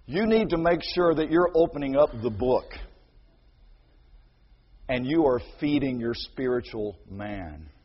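A man preaching a sermon as pastor, animated, acting out quoted voices and building to near shouts, with a husky voice. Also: mid-range voice, unhurried, pauses often. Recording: dull sound with long hall reverb.

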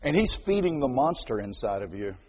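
A man preaching a sermon as pastor, animated, acting out quoted voices and building to near shouts, with a husky voice. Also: mid-range voice, brisk. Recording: dull sound with long hall reverb.

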